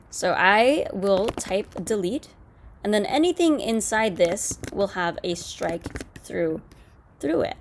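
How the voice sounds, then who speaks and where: A woman's voice: medium pitch, a little hiss or hum. Casual woman teaching code. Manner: casual, explanatory, with fillers and self-corrections. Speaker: coding tutorial host. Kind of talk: screen-recorded coding lesson.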